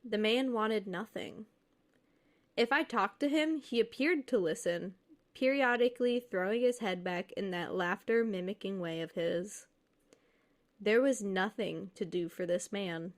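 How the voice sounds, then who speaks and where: A woman's voice: mid-range voice, unhurried. A woman podcast co-host reading listener stories aloud, then joking and laughing with her co-host. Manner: reads steadily, then jokes and laughs freely.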